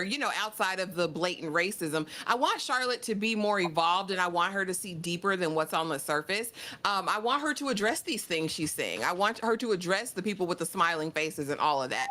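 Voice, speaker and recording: A woman co-hosting a casual TV recap chat, sassy and animated, often acting out the characters she quotes. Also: on the low side, brisk. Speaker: podcast co-host.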